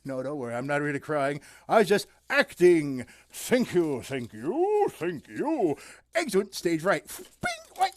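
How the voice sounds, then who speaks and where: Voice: mid-range voice, sing-song, a little slow, dry recording. A puppeteer narrating a nursery rhyme in a playful, theatrical, sing-song way.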